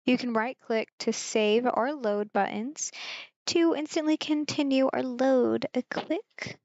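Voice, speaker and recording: A woman's voice: high voice, slow pace, a little mellow, dry recording, dull audio. Chatty woman streamer reading a game aloud. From Germany. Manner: chatty, asides to viewers. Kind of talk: reading a visual novel aloud with live commentary.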